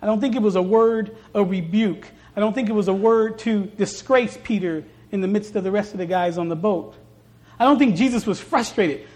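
A woman preaches a sermon to her congregation in a voice of ordinary pitch for a woman. She leans on repetition to drive each point home and moves between quiet, intimate stretches and louder, urgent ones. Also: moderate pace. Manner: emphatic, repeats phrases for stress, swings from soft to loud. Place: church service.

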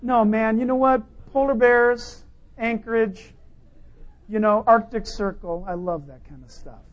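A male pastor preaches in a humorous, conversational style, asking many rhetorical questions and swinging between loud and quiet. His voice is high and a little slow, and the recording's highs are cut off.

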